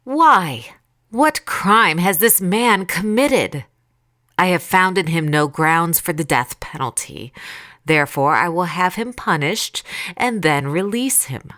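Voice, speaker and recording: A woman's voice: low voice, lively intonation, measured pace, a bit bright. A woman voicing a stern but uneasy male Roman governor who pleads and reasons with a crowd. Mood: insistent.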